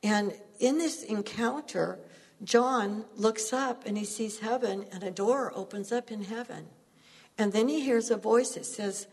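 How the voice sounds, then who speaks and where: Husky woman preaching in a reverberant hall. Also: mid-range voice, measured pace, a little mellow. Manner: earnest, storytelling, laughs at herself. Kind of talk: sermon.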